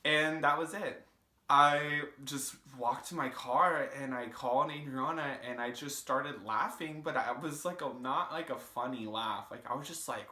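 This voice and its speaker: Young guy in his 20s doing a storytime, says like a ton, swears, bright voice in an echoey room. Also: medium pitch, normal speed. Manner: casual, swearing, lots of "like" fillers. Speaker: vlogger. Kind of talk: storytime vlog.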